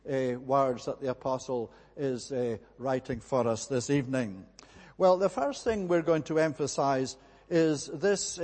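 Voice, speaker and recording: A man preaching a measured expository sermon, pausing often with "eh" between phrases. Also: a little high, darkish tone. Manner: measured, deliberate, frequent "eh" fillers. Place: church. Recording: church hall with long reverb.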